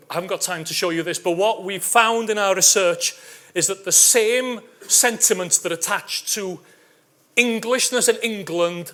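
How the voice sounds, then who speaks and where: High-voiced man giving a wry academic talk. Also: sharp tone. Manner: wry asides, frequent checking "okay?". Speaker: academic conference speaker. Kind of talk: conference talk presenting survey data.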